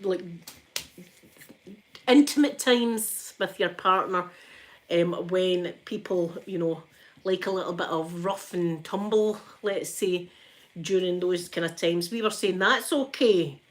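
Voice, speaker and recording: A woman's voice: on the low side, takes it slowly. A Scottish woman chatting casually to her viewers at home, talking freely and laughing often. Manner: chatty, laughs often, addresses chat by name. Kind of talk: casual live-stream chat while ironing.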